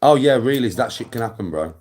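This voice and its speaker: A man's voice: medium pitch, expressive, fairly quick, darkish tone. A middle-aged man with an English accent, delivering a blunt, coarse, swearing monologue straight at the viewer as a live-stream host. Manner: lectures the viewer directly, answers chat.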